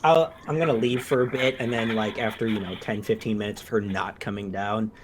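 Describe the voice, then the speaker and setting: A man playing a tabletop role-playing game, describing his character's actions in a relaxed, rambling way with lots of "like" and "you know". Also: lowish voice, a little fast, noisy background. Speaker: player. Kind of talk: casual tabletop play.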